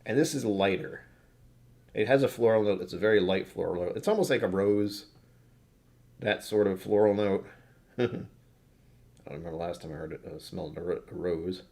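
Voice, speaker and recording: A man's voice: sits low, moderate pace, vocal fry, pauses often, a little mellow. Rambling tired man reviewing whisky. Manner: rambling, self-deprecating, swears casually. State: tired from poor sleep. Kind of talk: casual tasting notes to camera.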